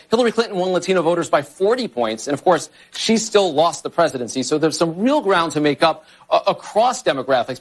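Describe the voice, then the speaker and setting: Measured male news commentator, slightly high. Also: low-quality recording. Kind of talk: broadcast news analysis.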